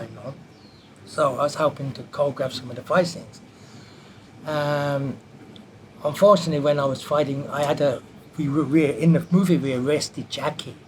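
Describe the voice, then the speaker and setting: A man telling a lively anecdote from his film career in an interview, acting out the quoted voices as he goes. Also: on the high side, a little hiss or hum. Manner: animated anecdote teller who acts out quotes. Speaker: martial artist and film stunt performer. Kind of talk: storytelling in an interview.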